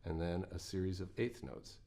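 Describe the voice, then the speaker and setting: Speaking at normal speed in a low voice, a man runs a guitar lesson on picking exercises. His tone is straightforward and encouraging, now and then lightened by a folksy remark.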